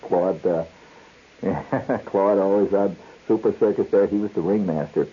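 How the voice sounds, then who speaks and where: A man hosting a radio show, telling a story in an animated way, acting out voices and sounds and laughing often. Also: low voice, measured pace, husky. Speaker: radio host. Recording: dull lo-fi 1970s radio broadcast with hiss.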